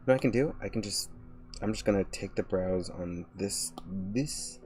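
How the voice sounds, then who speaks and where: A man's voice: low voice, normal speed, a little mellow. A man streaming casually as a VTuber, gushing and rambling between apologies. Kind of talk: casual live-stream chat. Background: faint background music.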